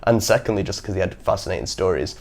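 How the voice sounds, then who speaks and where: Young man, lower pitch, casual podcast chat, animated storyteller. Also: quick pace. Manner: animated storyteller who acts out quotes. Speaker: podcast host.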